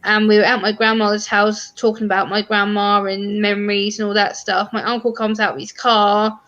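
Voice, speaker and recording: A woman's voice: medium pitch, flat delivery, moderate pace, a bit bright, lo-fi sound. A young woman in casual conversation, telling a story with emotion and animation.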